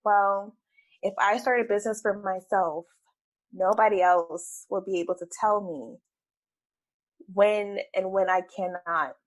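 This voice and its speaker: Woman guest on a chat show, open and earnest, middle pitch, tells her story. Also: fairly even intonation, a little slow, rough recording. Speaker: guest, entrepreneur. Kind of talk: conversational interview.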